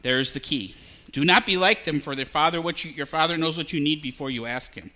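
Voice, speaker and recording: Bright-voiced animated pastor preaching. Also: male voice, a little high, fairly quick. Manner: animated, mimics babbling sounds. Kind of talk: sermon. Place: church sanctuary.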